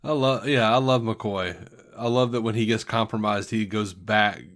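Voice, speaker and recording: A man's voice: fairly low pitch, fairly even intonation, normal speed, a bit bright. A man co-hosting a podcast in casual chat, talking with eager enthusiasm about favorite moments. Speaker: podcast co-host. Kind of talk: casual chat reviewing a TV episode.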